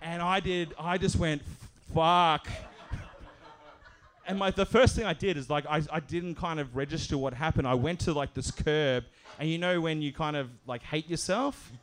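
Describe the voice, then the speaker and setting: A man's voice: on the high side, normal speed, few pauses. A man telling a comic story on stage at a live show, laughing through his lines and acting out the voices in it.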